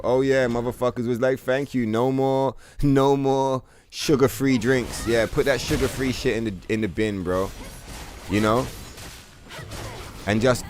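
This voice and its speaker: Over a slight hiss or hum, a lowish-voiced man rants his way through a video game stream. It's loose livestream chatter, rambling and full of curses and fillers, leaning hard on "bro" and "like."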